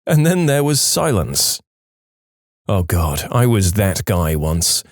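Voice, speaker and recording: A man's voice: sits low, takes it slowly, dry recording, studio quality. A man narrating submitted stories in a scripted storytime reading, acting out the quoted voices. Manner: lively, acts out quoted voices.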